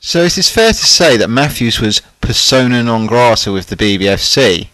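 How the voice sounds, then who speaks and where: A man's voice: medium pitch, very animated, normal speed, a bit bright, rough recording. A man narrating a scripted documentary in a sardonic way, with catty asides.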